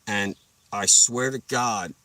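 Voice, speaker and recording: A man's voice: on the low side, takes it slowly, sharp tone, no echo, far from the mic. A young man telling rambling, profane stories while sitting in his parked car, laughing at his own jokes. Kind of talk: casual storytelling livestream.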